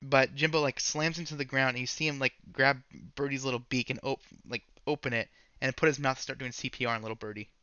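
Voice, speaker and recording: A man's voice: mid-range voice, fairly even intonation, quick pace, few pauses, pushed and bright, clear, resonant tone, no echo, dull audio. A man narrating as game master of a tabletop role-playing game, rambling and correcting himself as he describes scenes.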